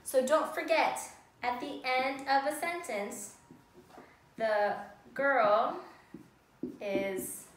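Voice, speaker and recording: A woman's voice: high voice, a little hiss or hum. A woman teaching young children how to write sentences, speaking in a patient, sing-song way. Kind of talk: recorded classroom lesson for young children. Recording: echoey room, voice from a distance.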